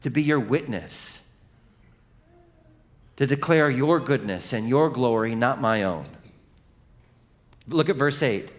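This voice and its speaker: A man's voice: mid-range voice, expressive, slow, pauses often. A male pastor giving a sermon in a conversational, joking storytelling manner, leading the congregation through scripture. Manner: leads the congregation in reading scripture.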